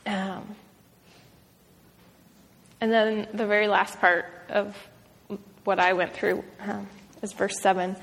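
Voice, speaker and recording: A woman in her thirties shares a faith talk with a room of other mothers. She speaks in an earnest, casual way, full of "like" and "um", at a middle pitch. Her voice rings with the long reverb of a large hall. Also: flat delivery, slow, long pauses, fairly bright tone. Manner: earnest, conversational, frequent "like" and "um". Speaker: speaker at a women's gathering. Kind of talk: devotional talk.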